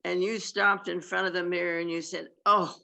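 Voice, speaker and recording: A woman's voice: lowish voice, flat delivery, brisk, creaky, pushed and bright, poor audio. An older woman telling a rambling family memory on a video call, with many fillers. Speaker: aunt.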